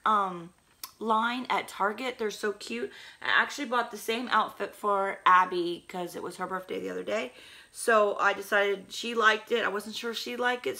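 Hoarse, chatty middle-aged woman vlogger with a gravelly, bright voice, casual haul talk. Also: mid-range voice. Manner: chatty, rambling with fillers.

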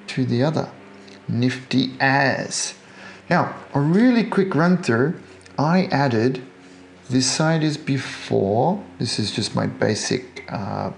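A man's voice: medium pitch, gravelly, a little hiss or hum. An Australian man talking through a model painting tutorial in a chatty way, with jokey self-deprecating asides. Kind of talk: casual tutorial narration while painting.

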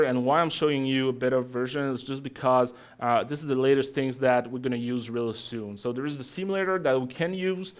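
A man's voice: mid-range voice, smooth. Chatty man giving a live tech demo. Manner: chatty, joking with the audience between steps. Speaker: tech conference speaker. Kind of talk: live software demo presentation. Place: talk in front of an audience.

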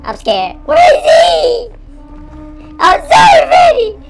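A man voicing a jittery, jokey chipmunk gamer boy through a pitch-raised effect, giving panicky, slangy game commentary. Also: slow pace, raised voice, over loud music, exaggerated voice. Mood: panicky yelping. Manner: panicky, excitable, slangy banter. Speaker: gaming commentator. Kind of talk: let's-play commentary.

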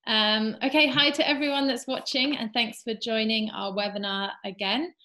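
A woman's voice: a little high, fairly even intonation, moderate pace, pushed and bright. A woman hosting an online webinar over a video call, upbeat and chatty with filler ums. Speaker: webinar host.

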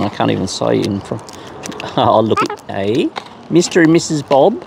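A man with a mid-range, sing-song voice and some vocal fry talks at a moderate pace to wild cockatoos, teasing them in a playful baby-talk way. He's a bird feeder vlogger, recorded noisily outside with birds and outdoor sounds behind him.

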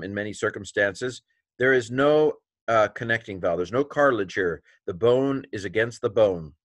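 A man leads a Greek lesson, naming each letter in turn and thinking aloud with plenty of fillers and self-corrections. His voice sits at an ordinary middle pitch. The sound is dry and close, with no room around it. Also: a bit bright, dry recording. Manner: spells out letters one by one. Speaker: teacher.

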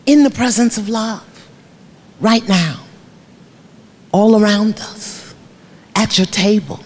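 In a large luncheon hall, a middle-aged woman life coach delivers a keynote with a mid-range, darkish voice at a slow pace. She preaches motivation through storytelling, laughing frequently and repeating phrases to drive points home.

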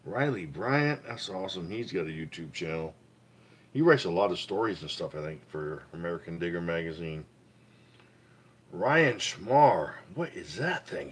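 Husky enthusiastic man hosting a livestream. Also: low voice, animated, normal speed. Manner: enthusiastic, repeats praise, greets chat viewers. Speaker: livestream host. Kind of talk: casual livestream chat reading a magazine.

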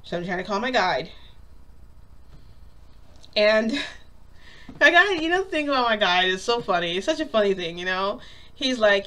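A woman's voice: mid-range voice, animated, moderate pace, long pauses, bright, forceful tone. A woman vlogger telling a long story in a casual, rambling way, full of "like" and acted-out quotes. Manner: rambling, lots of "like", acts out quotes.

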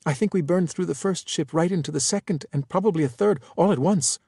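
A man voicing a young woman sensor officer who reports quickly and eagerly in an audiobook. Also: fairly high pitch, gravelly, dark tone, breathy edge, no room sound, studio quality, voice pushed up. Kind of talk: audiobook character voice.

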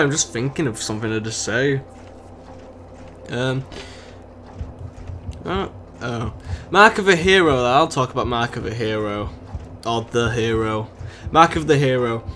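A man's voice: medium pitch, expressive, unhurried, sharp tone, a little hiss or hum. British man rambling over gameplay. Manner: rambling, sarcastic running chatter. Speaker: gaming channel host. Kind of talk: let's-play commentary.

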